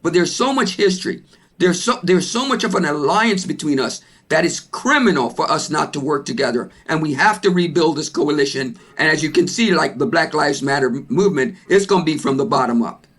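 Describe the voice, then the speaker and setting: Excited, loud man on a video call. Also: a little high, fairly quick. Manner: excited, loud, repeats words while building speed. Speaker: panel guest. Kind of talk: passionate video-call panel talk.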